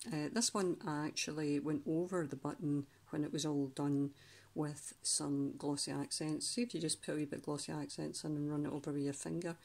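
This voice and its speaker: A low-voiced Scottish woman chats casually to the viewer as she flips page by page through a handmade journal. Her delivery is brisk and gravelly with few pauses, though she rambles a bit and often halts mid-sentence searching for the right word.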